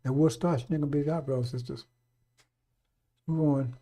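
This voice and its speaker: A man's voice: on the high side, fairly even intonation, fairly quick, dark tone. A middle-aged man giving a fiery, off-the-cuff radio sermon, blunt and profane, repeating his warnings over and over. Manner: blunt, profane, repetitive exhortation. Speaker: radio preacher.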